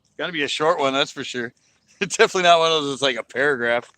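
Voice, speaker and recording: A man's voice: fairly high pitch, racing, bright, forceful tone, no room sound. A man hosting a fishing livestream outdoors at a lake, chatting casually into his phone and laughing often. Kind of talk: casual chat while fishing. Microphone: phone camera.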